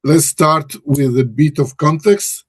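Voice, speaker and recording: A research director hosts a webinar from his office in Brussels, his voice on the high side, slow and husky. He speaks hesitantly, often restarting and correcting himself, and the recording is dry.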